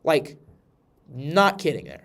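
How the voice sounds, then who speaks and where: A man's voice: on the high side, takes it slowly. Congested man rambling about football. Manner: rambling, animated, many restarts. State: congested, nasal. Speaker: podcast host. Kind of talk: casual sports chat.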